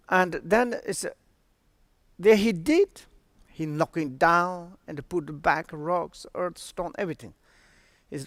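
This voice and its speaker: Guy teaching, slow halting english, dry close sound. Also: fairly high pitch, a bit bright, no room sound. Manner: halting non-native English with fillers. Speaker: Buddhist teacher. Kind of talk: storytelling teaching. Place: online stream.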